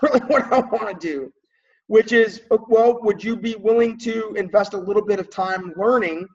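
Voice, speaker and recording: Man, team coach: husky, higher-pitched, conversational, dull lo-fi audio a bit off-mic. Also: darkish tone, distant mic. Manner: conversational, checks in often with "right?" and "okay?"; clears throat often. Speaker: team coach leading a training call. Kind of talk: casual coaching talk.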